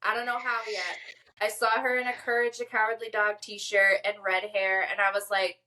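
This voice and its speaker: A young adult woman co-hosting a podcast in casual chat, with a deadpan, stern-sounding delivery. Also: medium pitch, normal speed. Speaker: podcast co-host.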